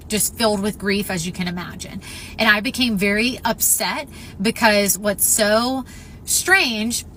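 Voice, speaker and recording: Woman, personal testimony, bright and clear, emphatic, a faint hiss behind her. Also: mid-range voice. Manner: earnest, emphatic, with frequent "um" and "if you will". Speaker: storyteller sharing a near-death experience.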